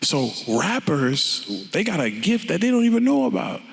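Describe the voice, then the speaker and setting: A man, a rapper telling his story onstage in a blunt, profane and animated way. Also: a little high, normal speed, vocal fry, slightly rough, long reverb tail. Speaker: interview guest, rapper. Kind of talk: candid onstage conversation.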